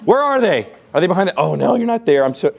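A man voicing a flustered, confused God searching in a frantic, high-pitched fret. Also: very animated, fast talker, creaky, exaggerated voice.

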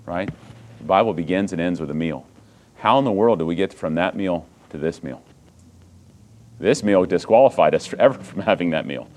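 A man preaching a sermon, swinging from hushed, slow passages to loud, emphatic ones and asking the congregation rhetorical questions. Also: low voice, lively intonation. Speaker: pastor.

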